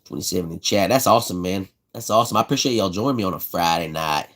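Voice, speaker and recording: A man's voice: deep voice, fast talker. A man from South Carolina with a Southern accent, hosting a casual live stream while building a fishing rod, laid-back and repeating himself as he talks. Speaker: livestream host building fishing rods.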